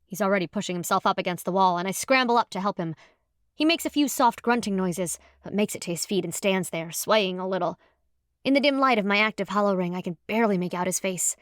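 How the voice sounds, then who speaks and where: A woman's voice: mid-range voice, fast talker, no room sound. Woman narrating a sci-fi audiobook. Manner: lively, expressive storytelling. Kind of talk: scripted first-person audiobook narration. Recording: dry close studio sound.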